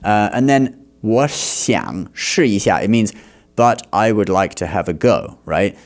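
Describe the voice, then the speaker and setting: A man teaching Chinese in reaction commentary. He explains patiently, slows down to model words and often checks in with "okay?". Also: lowish voice, expressive. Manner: explanatory, repeats words slowly to demonstrate; frequent laughs and checking "okay?".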